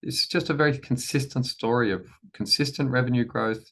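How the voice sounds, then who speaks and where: A man leading a formal presentation to shareholders, measured and deliberate, repeating key phrases and often restarting sentences. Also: medium pitch, a bit bright. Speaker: company chief executive presenting to shareholders.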